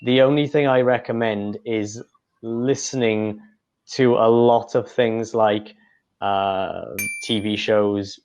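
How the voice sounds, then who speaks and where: A man's voice: fairly low pitch, steady tone, takes it slowly, a little mellow, clean tone. A man, an English tutor answering interview questions in an explanatory way, often stopping to restart. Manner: explanatory, with frequent fillers and restarts. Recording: dull lo-fi audio.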